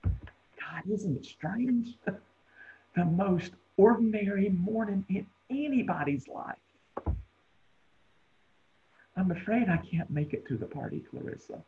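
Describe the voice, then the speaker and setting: Casting: young man playing a fragile dying man, soft and halting, slightly high voice, thin phone-like video-call sound. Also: animated. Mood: tender. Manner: soft, halting, half-whispered. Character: dying man, tender and worn out, adult. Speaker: acting student. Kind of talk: dramatic monologue over video call. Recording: tinny video call audio.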